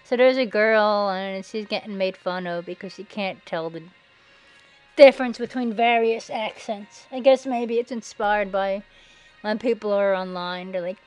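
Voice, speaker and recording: A woman's voice: measured pace, rough recording. Sarcastic woman mocking, music behind. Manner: mocking, sarcastic, puts on shrill quoted voices. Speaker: video narrator. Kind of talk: sarcastic commentary over images. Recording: faint background music.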